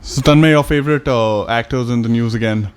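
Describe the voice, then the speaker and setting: A man's voice: medium pitch, brisk, noisy background. A man with an Indian English accent co-hosting a comedy podcast, dry and teasing, often laughing. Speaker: podcast co-host. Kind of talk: comedic casual banter.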